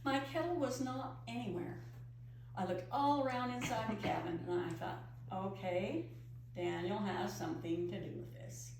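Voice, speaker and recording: A middle-aged woman telling a story in first person as a pioneer woman, expressive and emotive. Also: mid-range voice, normal speed. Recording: echoey room from far off with faint hum.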